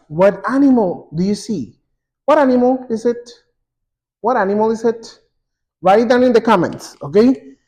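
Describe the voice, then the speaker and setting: A man teaching an English grammar lesson, saying example words twice, slowly and clearly. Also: high-pitched, darkish tone. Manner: slow and repetitive, drawing out example words.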